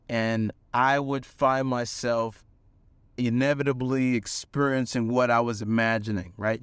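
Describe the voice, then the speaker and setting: A young man earnestly telling a personal story, with fillers and animated bursts. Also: medium pitch, smooth, no echo. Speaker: manifestation coach.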